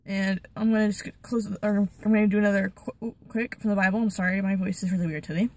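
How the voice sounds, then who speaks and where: A woman hosting a casual Bible study video, retelling the story in a chatty, animated way. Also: mid-range voice. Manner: chatty, animated, with quick restarts. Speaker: channel host, Bible study.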